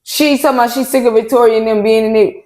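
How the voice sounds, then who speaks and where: A woman's voice: a little high, steady tone, very fast, darkish tone. A woman co-hosting a reaction show, animatedly retelling scenes and quoting the people in them. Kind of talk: casual reaction recap chat. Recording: roomy echo.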